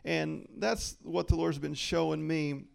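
A man praying and then giving an informal devotional talk, folksy and quick to laugh as he acts out quoted lines. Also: on the high side, steady tone, creaky. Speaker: lay speaker sharing a devotional.

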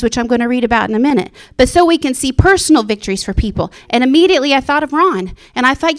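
A woman preaching a sermon with passion, climbing to high excited exclamations and dropping to a whisper for her inner thoughts. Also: fairly quick, hardly any pauses.

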